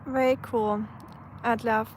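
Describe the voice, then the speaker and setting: Woman with a German accent, slightly high voice, live streamer chatting casually outdoors. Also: fairly even intonation, slow pace, slight background noise. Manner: chatty, answers viewers' comments, frequent fillers and restarts. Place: outdoors on a sunny day.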